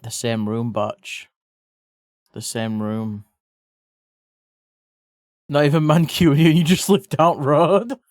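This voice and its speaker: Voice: mid-range voice, slow pace, long pauses, dry recording. Chatty streamer with a dry close sound. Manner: chatty, swears casually, bursts into excited yelps. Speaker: livestreamer. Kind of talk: casual chat while drawing.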